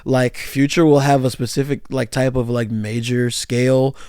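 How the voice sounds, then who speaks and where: A tired young man talks through songs in a loose, rambling way, stumbling through fillers and restarts. His voice sits at an ordinary middle pitch. The sound is dry and close, with no room behind him. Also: fairly even intonation, moderate pace, a little mellow, clean tone, no room sound. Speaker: music commentator. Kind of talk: casual music breakdown.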